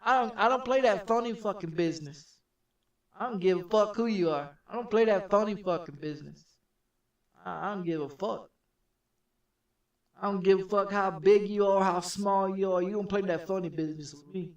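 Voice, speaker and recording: A man streaming from his home gaming setup, telling a story in a rambling, profane, repetitive way that turns loud and heated. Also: sits high, normal speed, highs cut off. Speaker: game streamer. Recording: echoey room, distant from the mic.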